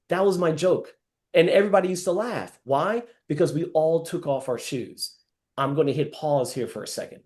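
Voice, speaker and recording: Man, sales trainer, fairly high voice, lively, acts out scenes, video call. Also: normal speed. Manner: animated, acts out scenes, addresses trainees by name. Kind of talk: live training session.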